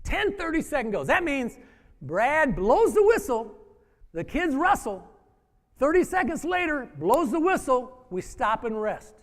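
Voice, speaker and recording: A former wrestling coach telling a story to an audience, acting out the dialogue in an animated way. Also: male voice, very high voice, measured pace. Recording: hall reverb.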